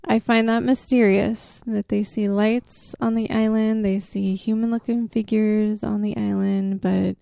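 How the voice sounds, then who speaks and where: A woman hosts a casual chat, her voice gravelly with a warm, dark tone. She rambles through her story with plenty of fillers and the odd laugh. The sound is dry and close. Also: mid-range voice, level tone, measured pace, hardly any pauses, no echo. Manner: chatty storyteller, many fillers, laughs easily. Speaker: podcast co-host.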